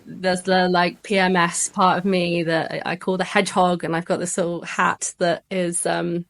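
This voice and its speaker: A woman's voice: on the low side, level tone, normal speed, creaky. A woman, a relationship coach, talking playfully in a casual podcast conversation and laughing at herself.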